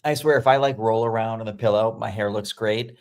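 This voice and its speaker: A man's voice: lowish voice, a little fast. Tired, sleepy-voiced man guest. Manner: sleepy, joking. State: tired, just woke up. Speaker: guest storm chaser. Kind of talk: casual remote chat.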